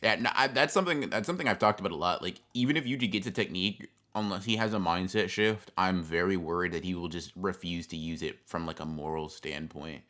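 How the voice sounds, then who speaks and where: A man's voice: sits low, fast talker, hardly any pauses, bright, forceful tone. A man co-hosting a stream in casual chat, rambling with many fillers and swear words. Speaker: stream co-host.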